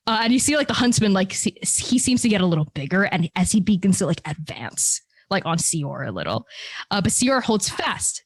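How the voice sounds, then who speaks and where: A woman's voice: mid-range voice, lively intonation, moderate pace, no room sound, studio quality. A woman narrating a tabletop game as game master, casual, with fillers and laughs.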